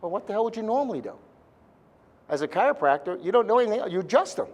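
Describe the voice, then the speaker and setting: High-voiced man joking to a seminar crowd. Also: sing-song, fast, muffled recording. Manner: blunt, joking, peppered with mild swearing. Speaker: speaker at a chiropractic seminar. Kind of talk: live seminar talk to an audience.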